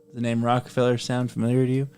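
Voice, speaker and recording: A man's voice: medium pitch, monotone, very fast, a little mellow, clean tone, faint music behind. A man co-hosting a podcast, joking and swearing freely in casual banter. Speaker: podcast co-host.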